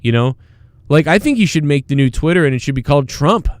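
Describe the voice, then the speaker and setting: Podcast host, male, smooth voice, ranting and profane, dry close mic. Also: on the high side, animated, fast talker, no echo. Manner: heated, rambling, swears often. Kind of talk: casual profane chat.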